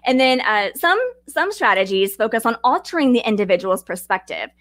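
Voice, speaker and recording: A woman, hosting a podcast. She teaches in a chatty, animated way, mixing lessons with personal stories and talking straight to her listeners. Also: fairly high pitch, fairly quick. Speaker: podcast host.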